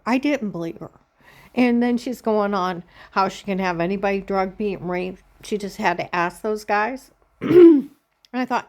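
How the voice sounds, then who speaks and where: A woman vlogging in a rambling personal monologue, telling a long story plainly and slowly and often checking in with "Okay?". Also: medium pitch, lively intonation, darkish tone.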